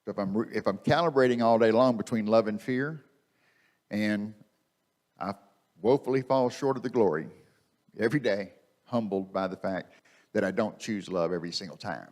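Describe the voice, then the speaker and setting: Speaking into a microphone in a church sanctuary, a minister delivers a conversational sermon, driving points home by repeating key phrases. His fairly low voice is a little mellow, at normal speed with frequent pauses.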